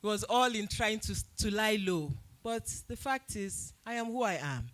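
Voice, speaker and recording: A Nigerian woman speaking to an event audience as its host, telling a story with lively, loud acted-out quotes. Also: medium pitch, normal speed. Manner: animated storytelling, acts out quotes loudly. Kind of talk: speech at a live event.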